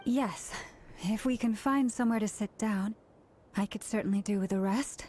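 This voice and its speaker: A woman voicing a calm, gentle, thoughtful young woman scholar in a video game. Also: medium pitch, moderate pace, a little hiss or hum, lightly acted. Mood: weary.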